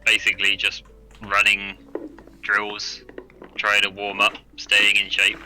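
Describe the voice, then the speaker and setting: A man's voice: fairly low pitch, monotone, slow, sharp tone, faint music behind, poor audio. A man playing in a tabletop game, talking in a loose, chatty way full of ums. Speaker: player. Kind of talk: casual chat at a tabletop game.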